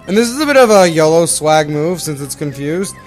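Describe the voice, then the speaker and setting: A man's voice: fairly high pitch, expressive, brisk, faint music behind. A young man from Canada giving rambling, self-correcting commentary while hosting a game playthrough. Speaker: let's play host. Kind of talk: casual gameplay commentary.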